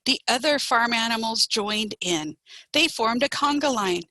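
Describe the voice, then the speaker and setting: A woman, a children's librarian, reading a picture book aloud in an animated, expressive way. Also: on the high side, measured pace, dry recording, low-quality recording.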